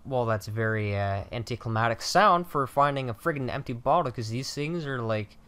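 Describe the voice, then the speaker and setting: A man's voice: mid-range voice, expressive, normal speed, a bit bright, clear, resonant tone. A man giving casual, chatty gameplay commentary, joking at his own expense and grumbling at enemies. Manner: chatty, self-mocking, mild cursing at enemies. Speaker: let's play gamer.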